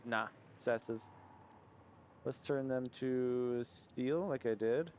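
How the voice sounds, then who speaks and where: A man's voice: mid-range voice, slow pace, dark tone, muffled recording, a little hiss or hum. A man livestreaming a building game, thinking aloud in a musing, casual way as he tries out changes. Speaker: gaming livestreamer. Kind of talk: casual gameplay commentary.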